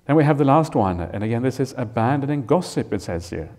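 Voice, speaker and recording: Gentle, mellow-voiced male monk teaching. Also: medium pitch, lively intonation. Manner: unhurried, gentle, with frequent "uh" fillers and "right?" checks. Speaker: Buddhist monk teaching a retreat. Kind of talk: Dharma talk explaining a scripture. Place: retreat hall.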